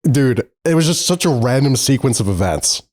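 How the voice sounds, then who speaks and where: A young man co-hosting a podcast in casual chat, laid-back and joking, with quick comebacks and swearing. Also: mid-range voice, animated, a little mellow, dry recording, clean studio sound. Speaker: podcast co-host.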